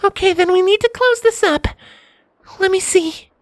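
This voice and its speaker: A woman voicing a gentle young woman giving firm, calm instructions, in a fanfiction audiobook reading. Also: very high-pitched, moderate pace, dry recording, clean studio sound.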